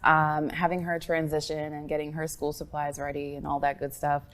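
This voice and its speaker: A woman in her thirties co-hosts a morning talk show in an easy, chatty way. Her voice sits low for a woman, and she talks in loose, friendly runs. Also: completely flat delivery, normal speed, fairly bright tone. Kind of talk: casual chat.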